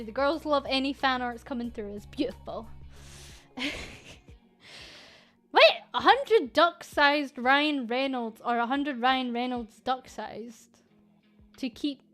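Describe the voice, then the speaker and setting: A woman's voice: high voice, unhurried, pauses often, a bit bright, soft background music. A woman with a Scottish accent who runs a VTuber agency, answering viewer questions in a casual livestream. She talks frankly and jokingly, with plenty of fillers and restarts.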